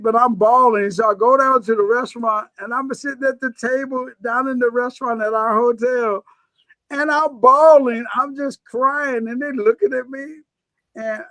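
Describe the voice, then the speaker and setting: A high-pitched man speaks openly and with feeling, telling his stories with expressive energy. His voice sits close and dry on the mic, with no room sound around it. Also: no echo. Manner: emotional, expressive storyteller. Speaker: guest speaker and coach. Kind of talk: casual webinar conversation.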